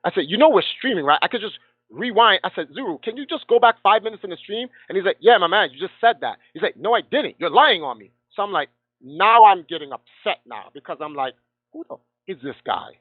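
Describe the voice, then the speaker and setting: A guest gamer, a man, tells a heated story with passion, his voice high, somewhat raised, and animated at a quick pace. He slips into the voices of the people he quotes. He comes through a thin, tinny phone line with no echo or room sound.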